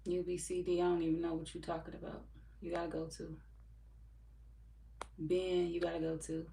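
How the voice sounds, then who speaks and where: This woman hosts a live tarot stream, casually chatting with viewers and reading their comments, swearing freely and laughing often. Her voice is lowish, brisk, gravelly and somewhat dark, with little pitch movement. A distant mic gives a roomy echo, with faint background noise.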